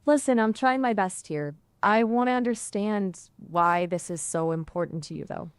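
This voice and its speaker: A woman's voice: mid-range voice, normal speed, clean tone, no room sound. Female AI chatbot voice, easygoing and polite, dry close sound. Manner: friendly, playful, polite, fond of small disclaimers. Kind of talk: conversational AI companion.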